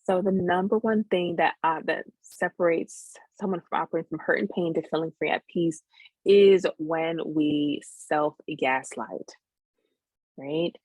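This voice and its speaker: A woman's voice: fairly low pitch, fairly even intonation, a little fast, hardly any pauses, slightly rough, no echo, poor audio. A woman therapist teaching a live webinar over a video call, earnest, who keeps checking in with her listeners by asking "right?".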